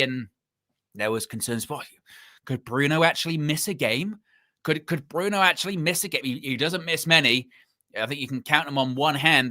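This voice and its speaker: A man's voice: medium pitch, pushed and bright. A man hosting a live football fan show, chatting casually with sarcastic asides. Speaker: host.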